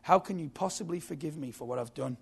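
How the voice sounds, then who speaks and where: A man voicing a remorseful drunk driver in a police cell, pleading and guilt-stricken, with a gravelly voice. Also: a little high, quick pace. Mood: anguished.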